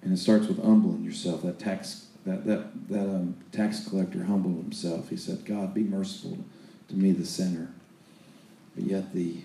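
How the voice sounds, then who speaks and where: Folksy, mellow-voiced preacher man, echoey room. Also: on the low side, a little hiss or hum. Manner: folksy storytelling with repeated restarts. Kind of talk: sermon.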